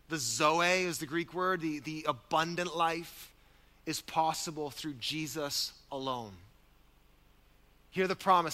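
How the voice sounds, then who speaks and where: A man's voice: a little high, pushed and bright. A man, a pastor preaching a sermon with an emphatic, repetitive cadence. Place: church sanctuary. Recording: long reverb of a large hall.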